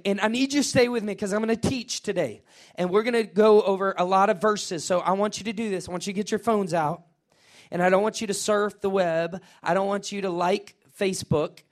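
A middle-aged pastor, preaching a lively sermon and calling out to his congregation. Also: sits high. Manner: energetic, call-and-response with congregation. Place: church sanctuary.

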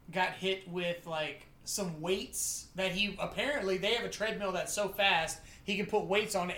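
A woman chatting casually about a movie, animated, swearing now and then and acting out lines in character voices. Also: medium pitch. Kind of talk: casual movie review chat. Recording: echoey room.

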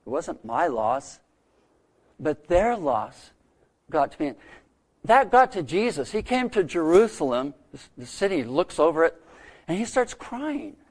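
A middle-aged man preaching a sermon, telling a story earnestly with dramatic pauses. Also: a little high, big pitch swings. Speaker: pastor.

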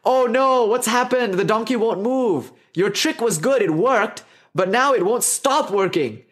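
This is a poor washerman at his wits' end, pleading for help with rising panic, voiced by a man telling the tale. His voice sits a touch high. It is a storytelling voice, not a full character turn. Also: sing-song, fairly quick. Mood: panicked. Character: anxious poor male washerman.

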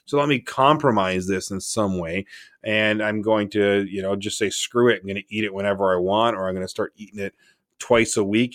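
A middle-aged man hosting a solo podcast, talking in a rambling, conversational way and often asking "right?". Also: mid-range voice. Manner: rambling with restarts. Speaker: podcast host.

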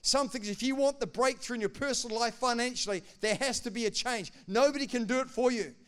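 A male pastor preaching a sermon, animated, acting out quotes and swinging between loud declarations and hushed asides. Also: very high-pitched, a little fast, clear, resonant tone.

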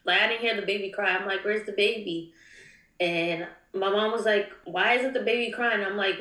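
A woman's voice: mid-range voice, a bit bright. Young woman sharing a testimony, lots of ums, kinda shaky, echoey room. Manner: halting, full of ums, near tears. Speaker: guest. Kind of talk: emotional personal testimony.

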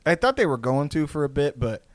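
A man's voice: a little high, very animated, fairly quick, dry recording. A young man with a drawl tells a sprawling story in loose, casual talk. He rambles and swears freely, breaking into laughter along the way. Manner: rambling, profane, laughing often.

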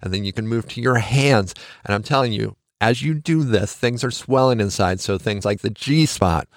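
A man's voice: lowish voice, moderate pace, no room sound, clean studio sound. A man hosting a podcast, giving candid, joking, conversational advice. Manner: candid, joking, conversational with frequent "you know". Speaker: podcast host. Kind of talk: frank casual advice monologue.

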